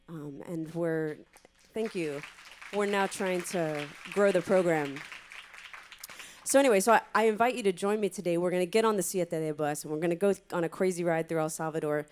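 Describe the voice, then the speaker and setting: On stage before performing a song, a female singer chats casually with the audience, using lots of fillers as she introduces it. Her voice is lowish with a darkish tone.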